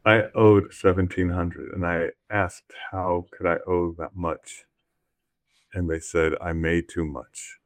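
A man grumbling in a deadpan way during casual banter. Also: sits low, slow, no room sound.

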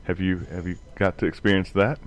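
A man's voice: low-pitched, fairly even intonation, fairly quick. A man in a casual group chat, telling rambling anecdotes and chuckling often as he goes.

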